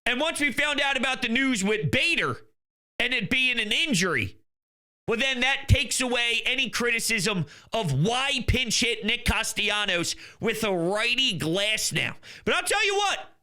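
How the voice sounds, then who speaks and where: High, sharp-voiced ranting sports fan man. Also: lively intonation, a little slow. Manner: ranting, exasperated, insults critics; swings between loud outbursts and muttering. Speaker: sports commentator. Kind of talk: sports rant vlog.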